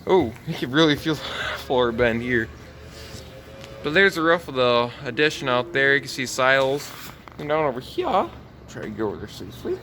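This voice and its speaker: A man giving a relaxed, rambling walk-through tour of his farm barn, talking into a handheld camera. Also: medium pitch, normal speed. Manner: easygoing, rambling with many "so yeah" fillers. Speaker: farm vlogger.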